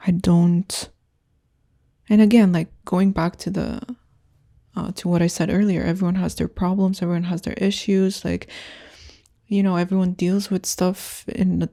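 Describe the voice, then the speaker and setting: A woman's voice: lowish voice, level tone, measured pace, creaky, mellow. A young woman from Canada hosting a solo podcast, talking candidly and rambling about frustrating dates. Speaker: podcast host. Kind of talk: casual solo podcast chat.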